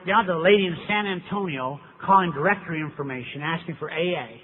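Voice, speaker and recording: A man's voice: on the high side, quick pace, hardly any pauses, husky. A middle-aged man, speaking at a recovery meeting and telling his story with wry rhetorical questions. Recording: tinny, echoey hall recording with faint hiss.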